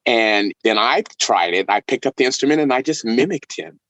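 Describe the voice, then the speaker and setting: A middle-aged man from Texas, a violinist guest, telling stories in a casual interview with laughs and animated delivery. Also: mid-range voice, moderate pace, no echo, muffled recording. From El Paso, Texas.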